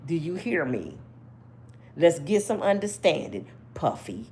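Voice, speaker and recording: A woman's voice: low-pitched, big pitch swings, measured pace, dark tone, slight background noise. A woman host giving brash, profane storytelling commentary, laughing often.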